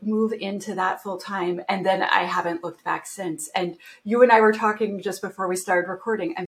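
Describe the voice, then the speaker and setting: A woman's voice: medium pitch, moderate pace. Upbeat chatty woman telling her story. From Canada. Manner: upbeat, chatty, expressive, laughs often. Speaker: guest, security founder. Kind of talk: casual storytelling interview.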